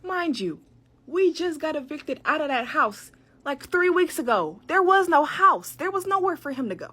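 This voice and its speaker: Casting: young woman, lively profane storyteller, voice on the high side. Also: normal speed. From Detroit. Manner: animated, profane, quoting others in raised voices. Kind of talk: casual storytelling.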